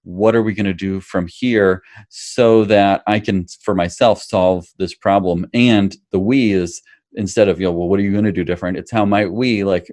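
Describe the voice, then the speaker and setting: Deep-voiced man hosting a parenting podcast. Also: a little mellow, no echo. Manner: affirming, recaps the guest's points thoughtfully. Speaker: podcast host, physician. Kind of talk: casual interview conversation. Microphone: video call.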